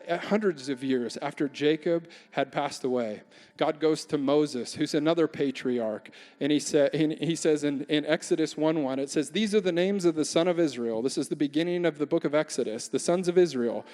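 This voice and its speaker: A man preaching a sermon in a church, moving from quiet earnest talk to loud, fervent proclamation. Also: a little high, moderate pace. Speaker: guest pastor. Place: church sanctuary. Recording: long church hall reverb.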